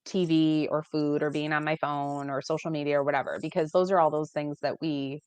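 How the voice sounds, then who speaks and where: A woman's voice: low voice, brisk, smooth, no echo. Chatty American woman on a dry mic. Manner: chatty, animated, acts out quoted dialogue. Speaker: guest life coach. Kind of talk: casual chat.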